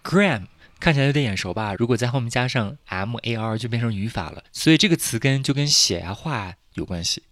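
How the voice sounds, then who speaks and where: A man's voice: mid-range voice, animated, fairly quick, few pauses, a bit bright, dry recording. Chatty male English teacher, dry sound. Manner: chatty, repeats himself, laughs at jokes. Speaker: English teacher, podcast host. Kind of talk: casual explanatory lesson.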